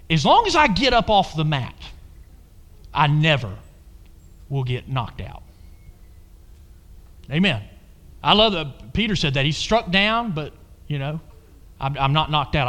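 A male pastor delivering a sermon in a high, lively voice that rises and falls widely. He is emphatic, moving between loud exhortation and quiet, intimate asides. The sound carries the long reverb of a large church hall. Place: church sanctuary.

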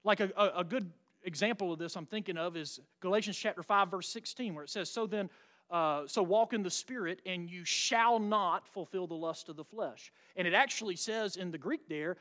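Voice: medium pitch, normal speed, fairly bright tone. A preacher giving an emphatic sermon, often asking the listeners rhetorical questions in a folksy, teasing way.

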